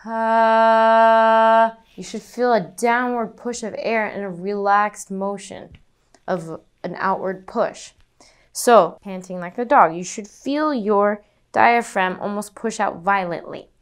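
A woman's voice: medium pitch, measured pace, smooth. A woman teaching singing, demonstrating breathing exercises as she explains them. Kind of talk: vocal lesson demonstration.

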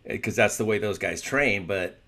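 A man's voice: on the low side, moderate pace, sharp tone. A middle-aged man chatting casually as a martial arts instructor, candid and self-mocking, who swears freely. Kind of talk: casual chat.

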